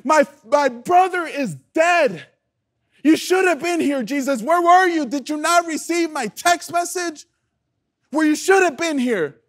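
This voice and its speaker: A grieving woman cries out in raw anguish, as a male preacher acts her out. The voice sits very high and rises with pleading, accusing force. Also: animated, measured pace.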